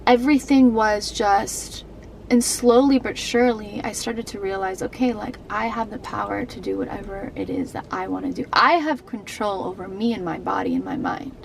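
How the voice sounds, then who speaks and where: A woman's voice: medium pitch, animated, normal speed, creaky, a little hiss or hum, poor audio. A young adult woman vlogging to camera, telling a personal story in an emotional, rambling way with many fillers and restarts.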